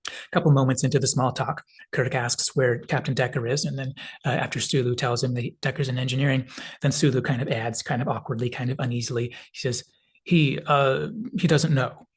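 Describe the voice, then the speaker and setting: Husky-voiced man retelling a film scene. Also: mid-range voice, level tone, fast. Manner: rambling retelling full of "kind of" hedges. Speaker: film analysis video host. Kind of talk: casual video essay narration.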